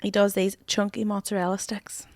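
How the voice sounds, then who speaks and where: Woman, podcast co-host, excitable chatty storytelling, close dry mic. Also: mid-range voice, moderate pace, no room sound. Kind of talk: casual chat.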